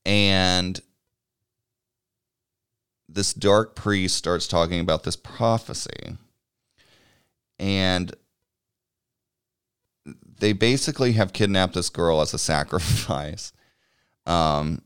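A man's voice: low-pitched, slow pace, long pauses, fairly bright tone, clean tone, dry recording, studio quality. A man chatting casually, recapping a movie at a meandering pace, swearing and chuckling as he goes. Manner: rambling and swears freely, chuckling while recapping.

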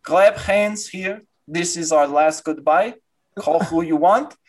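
A man's voice: fairly high pitch, takes it slowly. Male improviser as a dramatic Eastern European doctor; put-on Russian-Ukrainian accent, fatalistic grand speeches. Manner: broken grammar, grandiose doom speeches. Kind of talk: improv scene.

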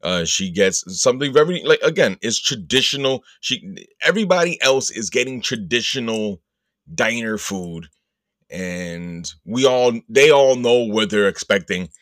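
A man hosting a podcast, telling a rambling, profane comic story and putting on quick voices for the people in it. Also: medium pitch, lively intonation, fairly bright tone, dry recording, clean studio sound. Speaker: podcast host. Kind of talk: casual comedic storytelling.

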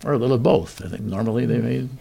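A man's voice: medium pitch, very fast, vocal fry, dark tone. A man hosting a comedy talk show, reading joke headlines and bantering in a dry, wry way. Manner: dry, wry delivery with chuckles.

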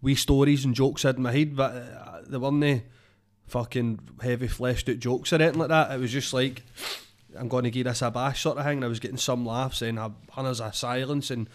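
A man's voice: medium pitch, fairly even intonation, brisk. Sweary Scottish man chatting. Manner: sweary, rambling, says "know what I mean" a lot. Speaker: comedian guest. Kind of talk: casual podcast chat.

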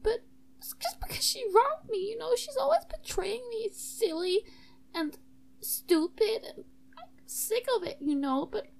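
A tipsy woman voicing a bubbly, rambling emo girl student in a high sing-song voice. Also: expressive, unhurried, gravelly, darkish tone, exaggerated voice. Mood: confiding.

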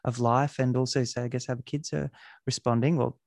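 A man's voice: medium pitch, level tone, fairly quick, vocal fry, a little mellow, no echo. A man hosting a podcast, asking rambling questions with dry sarcastic asides. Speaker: podcast host. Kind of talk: casual interview talk.

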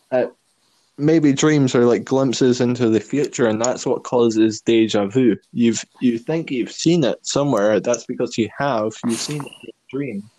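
Slow, mellow-voiced man rambling in casual chat. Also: medium pitch, dry recording, poor audio. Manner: rambling, filler-heavy, laughs often. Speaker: podcast co-host.

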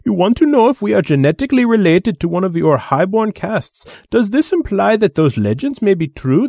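A man doing an excitable, high crewman. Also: gravelly, no room sound, studio quality, exaggerated voice. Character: eager male crew member, excitable and speculative.

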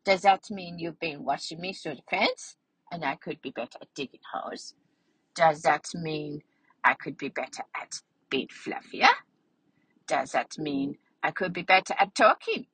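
A woman voicing a cheerful, chatty young female schnauzer dog, telling a story with a childlike, rambling, playful manner and a breathy voice. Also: low-pitched, expressive, a little slow, a bit bright, no echo, exaggerated voice, rough recording. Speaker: vlog narrator in character. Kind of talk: storytelling in character.

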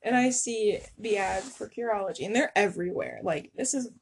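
A woman's voice: medium pitch, fairly quick, a little hiss or hum. A young woman co-hosting a casual podcast, rambling with lots of filler words. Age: young adult. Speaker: podcast co-host.

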